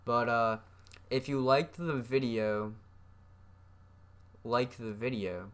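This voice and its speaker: A man's voice: mid-range voice, slow pace, a bit bright. A young man casually telling a school story, rambling and swearing freely with lots of fillers. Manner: profane, rambling with many fillers. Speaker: vlogger.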